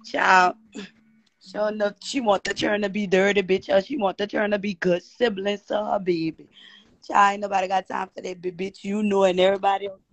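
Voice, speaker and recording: A woman's voice: mid-range voice, flat delivery, brisk. A woman on a live stream, sassy and profane, peppering every line with insults. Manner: sassy, profane, punctuates with "bitch". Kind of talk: heated social media rant.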